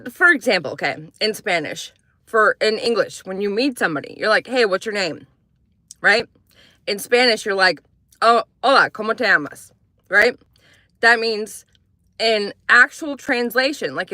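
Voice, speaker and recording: Chatty woman with a bright, dry voice. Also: medium pitch, dry recording. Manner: rambling, chatty, reads out viewer comments. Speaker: livestream host. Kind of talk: casual livestream chat.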